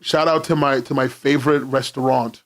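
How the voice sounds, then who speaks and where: A man's voice: mid-range voice, fairly even intonation, moderate pace, a bit bright, soft background music. A young man streaming from his home in London, rambling casually, laughing often and swearing freely.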